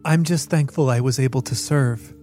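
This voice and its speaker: A man's voice: medium pitch, normal speed, mellow, faint music behind, natural voice. A man voicing a devout, earnest woman priest who speaks with reverent fervor. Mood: fervent. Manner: reverent, fervent.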